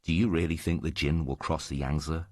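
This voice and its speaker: A calm young man speaks in measured, earnest tones, as a man reads him in a storybook. His voice is extremely low and recorded dry and close. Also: no echo. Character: handsome smooth-faced young man, calm.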